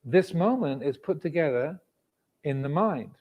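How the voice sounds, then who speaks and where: A man, a Buddhist monk giving a measured, reflective dharma talk with frequent pauses. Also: on the high side, lively intonation, darkish tone. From England. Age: 60s. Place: indoor meditation hall with cameras and air conditioning.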